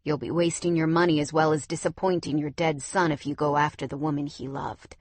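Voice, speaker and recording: A woman voicing a quiet, steady protective man in an audiobook, firm and low-key. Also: a little fast, no room sound.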